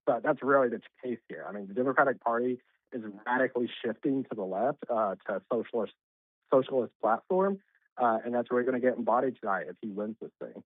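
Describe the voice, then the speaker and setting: A male political commentator calls in over a tinny, phone-like line. He talks quickly and emphatically, with plenty of filler words. The sound is dry and close. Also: mid-range voice, no room sound. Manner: brisk, emphatic, frequent fillers.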